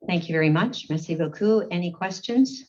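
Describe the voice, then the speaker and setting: A woman serving as warden, chairing a formal council meeting in a brisk, procedural way and calling the roll. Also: lowish voice, lively intonation, darkish tone. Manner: brisk, procedural, reads names in a roll call. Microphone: meeting-room microphone on a livestream. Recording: dull lo-fi livestream audio.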